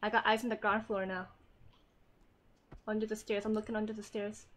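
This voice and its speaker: A woman hosting a gaming channel, chatting casually with friends over a match; she gets excited fast, laughs a lot and swears freely. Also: medium pitch, a little hiss or hum. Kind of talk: casual gameplay chat with friends.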